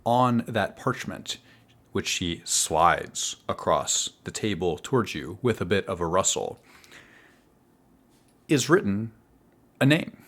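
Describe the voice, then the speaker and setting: A man narrating a tabletop game as game master in an unhurried, descriptive way. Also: sits low, animated, fairly bright tone.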